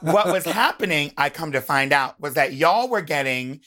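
Bright-voiced woman telling a lively story. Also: deep voice, normal speed. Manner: animated storyteller who acts out quoted voices. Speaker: podcast guest. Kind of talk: casual podcast chat.

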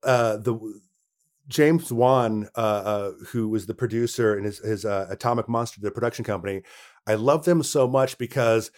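A man's voice: fairly low pitch, moderate pace, darkish tone. A man, an actor being interviewed, telling stories from set and acting out what others said to him. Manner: storytelling, acting out others' quoted lines. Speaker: actor guest. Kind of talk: casual interview conversation.

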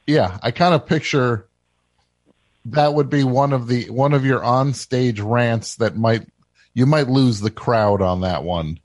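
Deadpan halting male radio host. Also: medium pitch, dry recording. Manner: dry, deadpan, halting questions. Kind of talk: casual call-in radio chat.

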